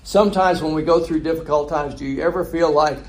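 Conversational preacher, fairly high voice. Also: male voice, steady tone, fairly quick. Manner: conversational, rhetorical questions to the congregation, chuckles. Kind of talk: sermon.

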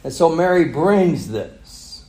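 A man's voice: a little high, lively intonation, slow pace, mellow, echoey room, low-quality recording. A man preaching a sermon, retelling a story with chuckles and rhetorical questions. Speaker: pastor.

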